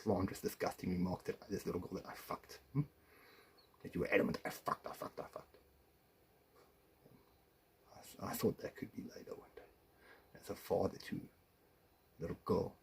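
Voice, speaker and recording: A man's voice: low voice, completely flat delivery, brisk, a little mellow, slight background noise. A man, an estranged father, delivering an angry, profane video rant with accusations, swinging between muttered asides and raised confrontation.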